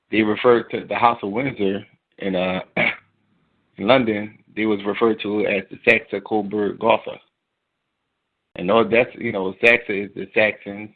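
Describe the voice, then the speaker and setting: A man calling in to a talk radio show, rambling with many fillers and asides. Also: fairly low pitch. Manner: rambling, lots of fillers and "you know what I'm saying". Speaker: caller. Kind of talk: casual call-in talk. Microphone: phone call. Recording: tinny phone line.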